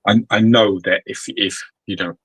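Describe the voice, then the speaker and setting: A man's voice: on the low side, fairly even intonation, normal speed, a bit bright, husky, no room sound, low-quality recording. A British man co-hosting a podcast, chatting casually with swearing-laden banter. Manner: profane, rambling banter. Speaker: podcast co-host. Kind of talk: casual chat.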